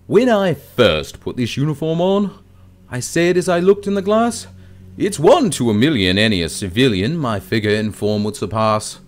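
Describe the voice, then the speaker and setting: A man putting on an over-the-top British accent to recite a theatrical monologue as a vain uniformed gentleman. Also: very animated, normal speed, natural voice. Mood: grandly vain. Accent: over-the-top British, put on. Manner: theatrical, high-pitched recitation.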